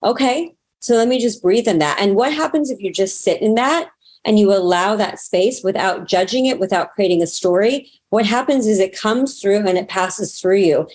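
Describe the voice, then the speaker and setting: A woman spiritual teacher and healer talking casually as an interview guest, animated, acting out her inner voice and swearing freely. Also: mid-range voice, moderate pace.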